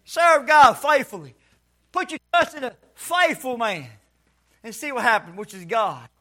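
A man preaching a sermon to a church congregation, folksy and calling for responses, sometimes shouting. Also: very high voice, lively intonation, unhurried.

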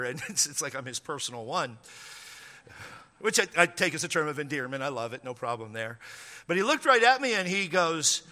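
A man preaching a sermon, telling a story and acting out the dialogue, his voice swinging from hushed to loud. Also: a little high, quick pace, long reverb tail. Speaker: pastor.

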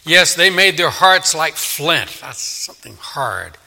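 Bright-voiced preacher man in a hall. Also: a little high, sing-song, takes it slowly, vocal fry. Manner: dramatic, acts out God's and people's voices. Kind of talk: expository sermon. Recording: echoey hall with long reverb.

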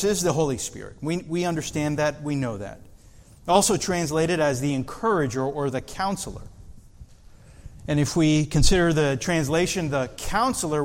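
A man preaching an expository sermon as pastor, earnest, pressing key points with rising emphasis. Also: fairly high pitch. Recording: hall reverb.

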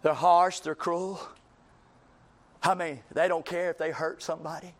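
A man preaching a fiery church sermon, swinging from shouted lines to low, intense passages with repeated emphasis. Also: fairly even intonation. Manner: repetitive, drawn-out emphasis.

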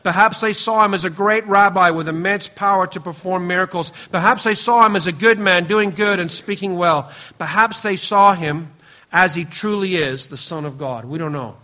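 Bright, high-voiced man preaching earnestly. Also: moderate pace. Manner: earnest, emphatic preaching with frequent drops to a quiet, low voice; speaks directly to the congregation, teasing members by name. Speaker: pastor. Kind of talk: sermon.

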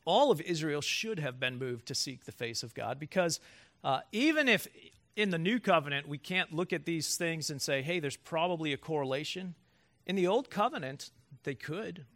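A man's voice: fairly high pitch, sing-song, moderate pace, fairly bright tone. A man preaching a sermon as pastor to his congregation, emphatic and building through rhetorical questions.

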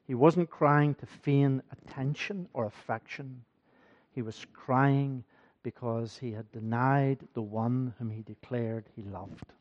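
A man's voice: medium pitch, slow, muffled recording. A man preaching a sermon in a church, earnest and building in force, often repeating his phrases. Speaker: pastor.

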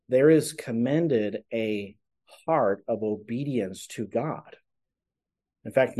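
A man's voice: mid-range voice, mellow. A man preaching a sermon, explaining scripture earnestly and posing rhetorical questions to his congregation. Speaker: pastor.

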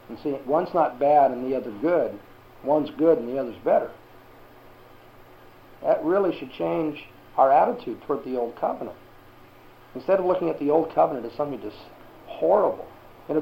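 Male Bible teacher, gravelly voice, questioning the class, dull recording. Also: mid-range voice, a little hiss or hum.

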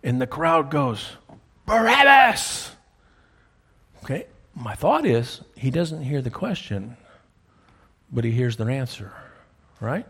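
Pastor, male, husky voice, storytelling sermon, keeps checking in with the congregation. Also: mid-range voice, expressive, measured pace. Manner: storytelling, checks in with listeners often. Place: church sanctuary. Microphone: wears a clip-on mic.

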